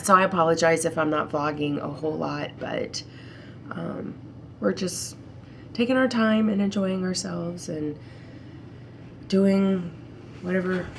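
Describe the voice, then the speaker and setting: A woman's voice: lowish voice, unhurried, gravelly, pauses often, a little hiss or hum. A middle-aged woman from Ohio vlogging casually to camera, stuffy-nosed from allergies, chatty and rambling with lots of ums. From Ohio, United States. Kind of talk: casual vlog chat to camera.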